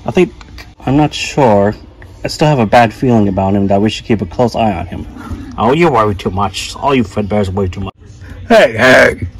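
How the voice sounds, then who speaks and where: A man's voice: on the low side, fairly quick, husky, rough recording. A man voicing all the characters in a playful plush toy comedy skit. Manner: lively, playful, switches between voices.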